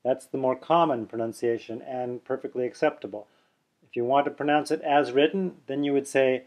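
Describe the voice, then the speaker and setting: A man teaching pronunciation, who explains slowly and then chants the examples with careful, deliberate delivery. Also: medium pitch, dull audio. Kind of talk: pronunciation lesson with slow chanting.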